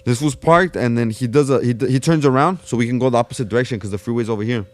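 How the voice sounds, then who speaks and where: A man's voice: mid-range voice, racing. A young man, a podcast guest telling a street story in casual, slangy, profane talk full of "fool" and restarts.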